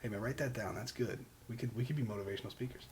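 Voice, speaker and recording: A man's voice: mid-range voice, racing. A man co-hosting a podcast in casual chat, laid-back and jokey, often saying "man" and laughing. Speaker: podcast co-host.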